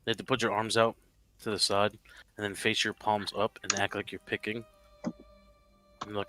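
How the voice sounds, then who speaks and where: A man's voice: lowish voice, level tone, moderate pace, pauses often, pushed and bright, soft background music. A man on a live stream telling jokey stories in casual chat, swearing freely and laughing at himself.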